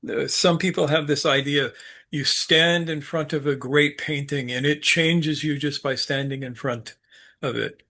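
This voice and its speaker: A man giving an unscripted teaching talk, halting and full of fillers, with a dry sense of humor. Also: a little high, fairly even intonation, pushed and bright. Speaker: speaker leading a study group talk.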